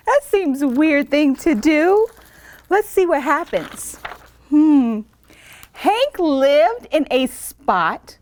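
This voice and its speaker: Her voice sits high and she draws out her words. She's a librarian sharing a picture book with children at story time, lively and breaking off to ask the kids questions.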